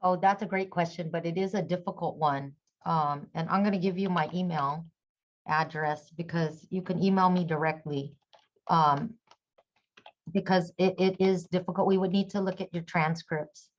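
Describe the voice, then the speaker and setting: Earnest woman panelist, low voice. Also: steady tone, dull audio. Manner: earnest, halting with many fillers. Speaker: conference panelist. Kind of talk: conference presentation.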